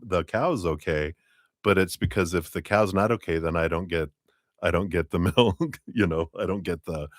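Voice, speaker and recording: A man's voice: sits low, no room sound. Man, tarot reader, live stream, rambling, chatty, dry close sound. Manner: rambling, chatty, acts out quoted voices.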